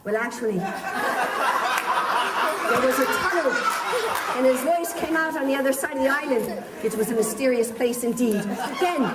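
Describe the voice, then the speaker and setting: High playful woman telling a pirate tale. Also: normal speed, long pauses, over a noisy crowd, very noisy. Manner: playful, theatrical, coaxing, with pet names. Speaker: storyteller leading children's pirate play. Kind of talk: interactive storytelling with children. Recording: echoey room, picked up from a distance.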